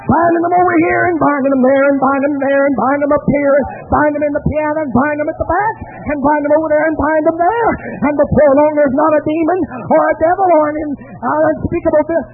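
A man preaches with fervor, acting out a story between rising cries of praise. His voice sits very high. The sound is thin and phone-like, with faint music behind him. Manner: fervent, storytelling, exclaiming hallelujahs. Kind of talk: sermon. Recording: tinny lo-fi line with faint music.

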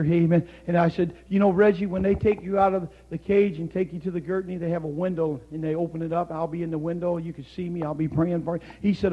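An older man delivers a sermon from the pulpit in a fairly high voice. He drops to a near whisper for the story, then rises to fervent, shouted calls. The sound is muffled and dull. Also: steady tone, brisk, hardly any pauses. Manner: swings from hushed storytelling to shouted, impassioned preaching. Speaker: preacher.

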